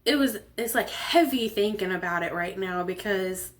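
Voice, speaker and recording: Woman host with a sore throat, telling her own story in an animated way and voicing the people she quotes. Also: mid-range voice, normal speed. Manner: animated, acts out quoted voices, frequent laughs. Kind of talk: personal storytelling.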